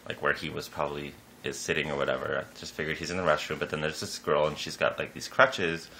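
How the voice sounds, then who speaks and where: A man casually telling a personal story, rambling with lots of "like" and "you know", lively when quoting people. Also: quick pace, gravelly, a little hiss or hum. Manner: animated, jumps up in pitch when quoting people.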